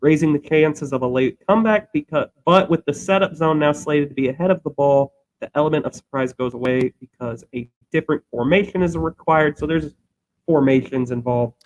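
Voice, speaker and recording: A man's voice: a little high, brisk, low-quality recording. Young man rambling through sports news. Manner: rambling, thinks aloud with restarts. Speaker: podcast co-host. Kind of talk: casual chat.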